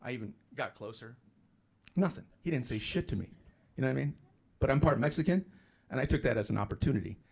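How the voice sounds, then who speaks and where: A man doing a stand-up comedy set, telling a profane story with sudden loud outbursts. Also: medium pitch, expressive, fast talker, gravelly, long pauses, breathy edge. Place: comedy club stage with a live audience. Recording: live club with loud crowd laughter. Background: audience laughter.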